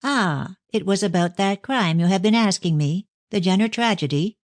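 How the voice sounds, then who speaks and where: A woman reads a dramatic middle-aged clairvoyant who gushes over visitors and slows to a grave hush in her trances. The voice sits higher than the reader's own, as she puts her on, and the sound is dry and close. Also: expressive, dry recording, lightly acted. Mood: gentle. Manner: effusive, slow and solemn in trance.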